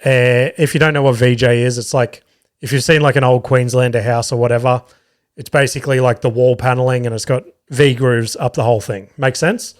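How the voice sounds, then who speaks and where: A man's voice: medium pitch, fairly even intonation, fairly quick. An Australian man hosting a podcast, telling a rambling, profane story about touring as a stand-up comedian. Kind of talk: casual storytelling monologue.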